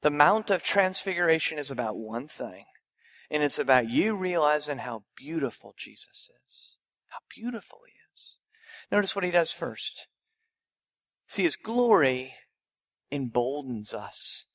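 A pastor delivers a sermon in a fairly high, gravelly voice. He builds his points through repetition and rhetorical questions and presses them home with emphasis. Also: very animated, a little slow, fairly bright tone.

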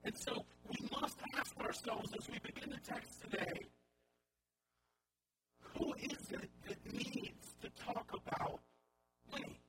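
A man's voice: a bit bright, rough recording. A male pastor giving a sermon in a conversational style with wry asides, over a recording with hum and noise. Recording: audible hum and background noise.

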